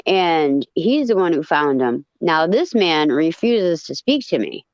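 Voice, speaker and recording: A woman telling a story in casual chat, blunt and profane, with animated retelling. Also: deep voice, a little slow, dry recording, highs cut off.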